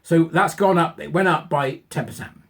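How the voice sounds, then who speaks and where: A man's voice: fairly high pitch, moderate pace, creaky. A man hosting his channel, giving a sarcastic, incredulous running commentary on a news story. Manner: animated, sarcastic, incredulous asides. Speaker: channel host.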